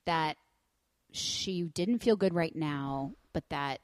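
A woman in her thirties, a podcast co-host, chatting casually and telling lively stories, acting out quotes and swearing. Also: low voice, slow, no room sound, studio quality. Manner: animated storyteller, acts out quotes, swears. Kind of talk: casual chat.

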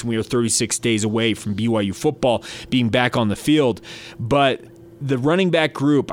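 Man hosting a college football podcast. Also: mid-range voice. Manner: conversational, with fillers and restarts. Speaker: podcast host. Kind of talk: sports podcast talk.

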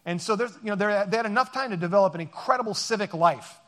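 A man's voice: sits high, quick pace, pushed and bright. A man giving a conversational sermon as pastor, joking and rambling with many fillers.

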